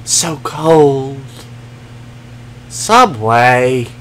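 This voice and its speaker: Drawing out his words with lively intonation, a man with a mid-range, fairly bright voice streams a video game over slight background noise. His commentary is profane and sarcastic, aimed at both the enemies and the chat.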